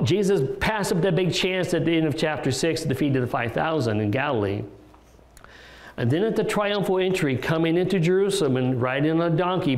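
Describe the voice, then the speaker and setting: A male pastor delivers an expository sermon in a church sanctuary, his voice sitting a little high for a man. He explains in a conversational way, restarting phrases and asking rhetorical questions. The room adds a noticeable echo. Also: a little mellow.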